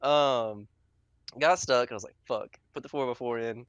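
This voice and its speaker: A man's voice: medium pitch, moderate pace, a bit bright, clean tone, no room sound, muffled recording. A young man co-hosting a podcast, telling a story among friends in a loose, rambling way, laughing and swearing often. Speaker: podcast co-host.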